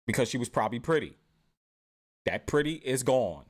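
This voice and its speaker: A man's voice: mid-range voice, animated, normal speed. A man hosting reaction commentary, rambling and tagging his points with "right?". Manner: rambling, repeats "right?" often. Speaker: commentary host.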